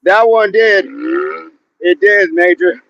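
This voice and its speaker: Slow-talking man counting reps outdoors. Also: sits high, steady tone, fairly bright tone, dry recording, highs cut off. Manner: grunting rep counts between casual chat with viewers. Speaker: fitness livestream host. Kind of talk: live workout chat with counting.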